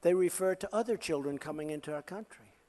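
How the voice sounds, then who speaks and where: An older man holds forth at a campaign rally, boasting and repeating his lines in an off-the-cuff way. His voice sits high for a man, and a long hall reverb trails each phrase. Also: fast, dark tone. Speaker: political candidate at a rally. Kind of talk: rally speech.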